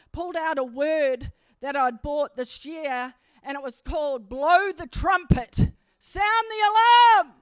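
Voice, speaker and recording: A woman preacher giving a church sermon, telling stories animatedly and building to emphatic high points. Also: no echo. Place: church service.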